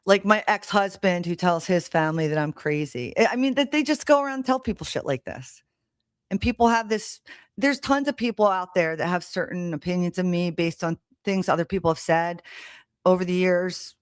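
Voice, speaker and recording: Her voice is lowish and her speed normal as this woman, live-streaming through a setup mic, recounts something from her own life. The monologue is casual, blunt, heated and full of swearing, with clean studio audio and no room sound.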